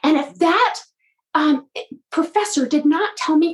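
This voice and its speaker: A woman coach telling a motivational story in an animated way, often repeating her words. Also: high voice, unhurried, low-quality recording.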